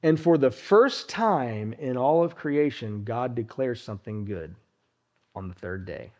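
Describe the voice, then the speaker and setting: Male preacher, mid-range voice with a warm, relaxed tone; deliberate teaching sermon that often fades quietly at phrase ends. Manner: deliberate, drops his voice low at phrase ends; teaching, addresses listeners directly. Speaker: pastor.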